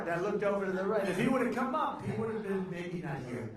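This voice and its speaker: A man's voice: sits high, a little fast. An older man giving a rambling, off-the-cuff speech to a gathering, boastful and meandering, trailing off mid-sentence with frequent uhs. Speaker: speaker addressing a political gathering. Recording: echoey room with faint background noise.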